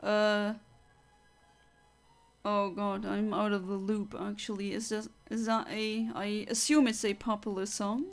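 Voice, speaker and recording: A woman's voice: mid-range voice, level tone, measured pace, soft background music. A woman from Luxembourg, chatting casually as a streamer and reading out viewer comments, reflective with frequent fillers and restarts.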